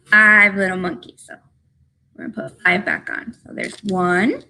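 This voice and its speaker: A young woman leading a children's story time, reading aloud in an animated sing-song way with animal noises. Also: mid-range voice, measured pace, vocal fry, a little hiss or hum. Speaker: children's librarian. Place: library room.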